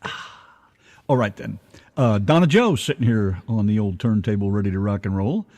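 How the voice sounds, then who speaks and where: A man's voice: lowish voice, moderate pace, darkish tone. A man co-hosting a casual radio show, joking and rambling in a loose, chatty way. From United States.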